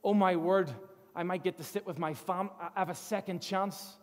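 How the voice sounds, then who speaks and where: Freed male prisoner, put on by a preacher: high, breathless, disbelieving, repeats himself; reverberant hall sound. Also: steady tone, moderate pace, natural voice. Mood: astonished. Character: guilt-ridden freed male prisoner, stunned.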